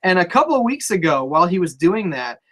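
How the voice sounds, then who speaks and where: A man's voice: high voice, very animated, fast, breathy edge. A man co-hosting a casual wrestling podcast, talking loosely with swearing and reading viewer comments aloud. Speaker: podcast co-host.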